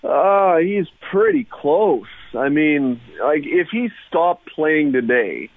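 A male caller phones into a sports radio show as a guest, his rather high voice animated and his pace slow. The tinny line carries no room sound as he chats casually and enthusiastically about hockey, rambling and frequently starting over.

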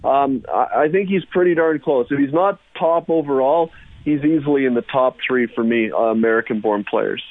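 A man's voice: medium pitch, moderate pace. Man talking hockey over a phone line. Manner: rambling, enthusiastic, restarts often. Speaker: hockey radio guest. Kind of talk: casual sports radio chat.

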